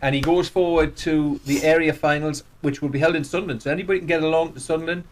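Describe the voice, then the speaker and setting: A man's voice: a little high, steady tone, fast, slight background noise, low-quality recording. A man co-hosting a radio chat show, chatting and announcing events. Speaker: radio co-host. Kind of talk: casual chat.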